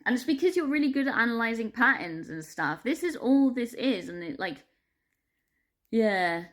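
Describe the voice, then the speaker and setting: A woman's voice: fairly high pitch, expressive, moderate pace, a bit bright. A woman vlogging in a casual, heavily sworn rant, full of fillers and bursts of frustrated laughter. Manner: heavy swearing, filler-laden, laughing through frustration. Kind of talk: casual ranting monologue.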